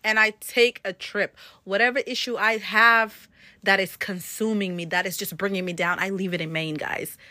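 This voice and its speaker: A woman's voice: mid-range voice, fairly even intonation, moderate pace, pushed and bright, no room sound. A woman vlogger giving casual, earnest advice to her viewers, chatty and full of "you know" and "like" fillers. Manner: earnest and encouraging.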